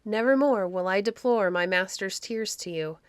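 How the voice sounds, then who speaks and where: A woman reading aloud, voicing a gentle, meek young woman disguised as a page, speaking softly and wistfully. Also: mid-range voice, normal speed, smooth, no echo, clean studio sound, lightly acted. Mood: anxious.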